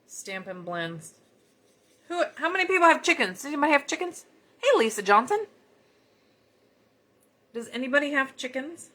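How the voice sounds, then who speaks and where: A woman's voice: sits high, big pitch swings, moderate pace, long pauses, a bit bright. A woman with a Southern US accent, chatting in a folksy way as she demonstrates card-making live. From United States. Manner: chatty, folksy, talks while working. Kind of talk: casual live crafting chat.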